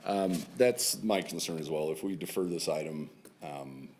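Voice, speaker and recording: A man's voice: a bass voice, normal speed, darkish tone. A man briefing a council as director of maintenance and operations, matter-of-fact. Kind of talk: staff briefing at council meeting.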